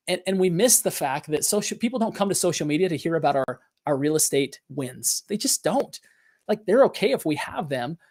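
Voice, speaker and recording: A middle-aged man hosts a business podcast, giving motivational talk in an earnest, confessional way, with many fillers and restarts. His voice is a little high and a little mellow.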